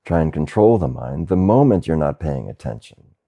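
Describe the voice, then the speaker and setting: Male spiritual teacher, satsang talk: very low, gravelly voice, unhurried gentle delivery with soft laughs. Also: big pitch swings, muffled recording. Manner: slow, gentle, with soft laughs and questioning "huh?". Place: Asheville, North Carolina.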